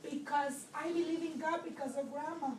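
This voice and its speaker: A high-pitched woman teacher speaks through tears, pleading and scolding her pupils in turn. She is picked up from far off in an echoey classroom. A faint hiss runs underneath. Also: fairly even intonation, a little fast. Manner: tearful, pleading and scolding children. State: crying. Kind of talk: emotional classroom farewell speech.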